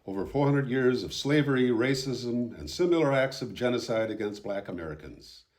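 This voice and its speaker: A man narrating his own documentary in a voice-over, calm, reflective and somber. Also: medium pitch, moderate pace.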